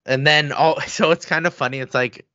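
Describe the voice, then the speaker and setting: A man co-hosting a casual sports podcast, excitable and quick to get heated as he rants. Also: on the high side, dry recording, highs cut off. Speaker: podcast co-host.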